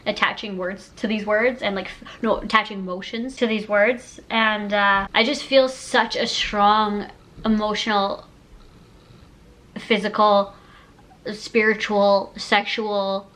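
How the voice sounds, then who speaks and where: Her mid-range voice has a fairly bright tone, heard through a rough recording. A YouTuber of around thirty, she sits chatting casually to the camera, emotional and gushing, with frequent use of "like."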